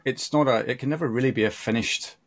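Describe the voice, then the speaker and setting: A man in his fifties talks reflectively as a podcast guest. His voice sits at an ordinary middle pitch. He speaks haltingly, often restarting his sentences as he works out what he means. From United Kingdom. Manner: thoughtful, halting, with many restarts. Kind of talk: reflective conversation.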